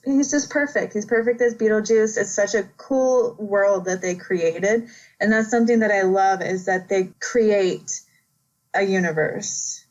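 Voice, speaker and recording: A woman chatting casually as a podcast guest, animated, laughing often and acting out quotes. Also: mid-range voice, muffled recording. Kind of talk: casual chat.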